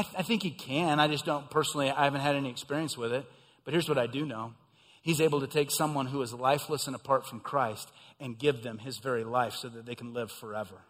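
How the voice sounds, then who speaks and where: A middle-aged male pastor delivers a sermon in a slightly raised voice. He swells to emphatic peaks and sinks back to hushed, low lines. A long reverb trails his words through the hall. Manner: preaching with swells of emphasis and quiet drops.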